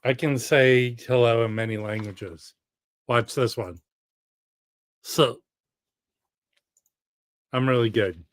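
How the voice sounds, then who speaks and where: A man talks casually on his own live stream, wandering from thought to thought and answering viewer comments as they come in. His voice sits at a middle pitch and is recorded dry and close, with no room sound. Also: slow, long pauses, no room sound. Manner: rambling, chatty, reads viewer comments aloud.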